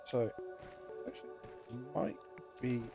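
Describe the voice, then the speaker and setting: A man's voice: medium pitch, unhurried, vocal fry, music in the background. A man chatting casually and joking with friends while streaming a video game, muttering to himself as he plays. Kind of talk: casual gaming livestream chat.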